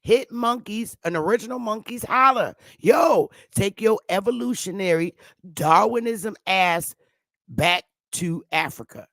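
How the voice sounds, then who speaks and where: A woman's voice: medium pitch, a little slow, dry recording. Woman streamer, combative and profane, casual rant, dry close sound. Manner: profane, combative, loud outbursts. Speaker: livestream host. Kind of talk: heated casual livestream rant.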